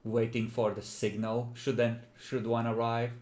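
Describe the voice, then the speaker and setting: A man narrating and running a tabletop role-playing game in a relaxed, descriptive way. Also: mid-range voice, measured pace, reverberant. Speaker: game master.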